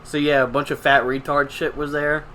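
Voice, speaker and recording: Crude joking young man, bright voice. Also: fairly high pitch, little pitch movement, normal speed, slight background noise. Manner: crude, joking, swears a lot. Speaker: podcast co-host. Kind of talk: casual podcast chat.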